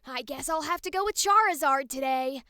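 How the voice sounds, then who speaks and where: A woman doing an impression of a young boy hero trainer, shouting eagerly with a slightly gritty edge. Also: high voice, moderate pace, no echo, studio quality. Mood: excited. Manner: shouty, excited, gritty-edged.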